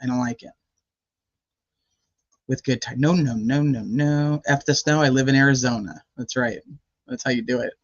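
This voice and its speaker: A woman's voice: a bass voice, fairly even intonation, normal speed, long pauses. A woman hosting a casual live stream, rambling and greeting chat viewers by name. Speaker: livestream host. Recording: dull lo-fi stream audio.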